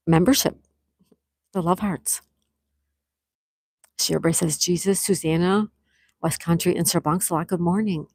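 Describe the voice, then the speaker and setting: A woman's voice: on the low side, breathy edge, no room sound, clean studio sound. Gushing woman reading live chat. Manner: excited, gushing thanks, frequent gasps. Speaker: livestream host.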